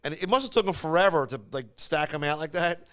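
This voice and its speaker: A man's voice: fairly high pitch, animated, fast talker, fairly bright tone. A man co-hosting a podcast, telling a rambling story in casual chat and acting out the voices in it. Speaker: podcast co-host.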